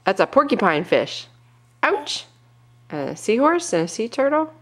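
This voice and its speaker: A young woman reading a picture book aloud to her toddler at home, gently asking questions and coaxing with little animal noises. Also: medium pitch, big pitch swings, fairly quick.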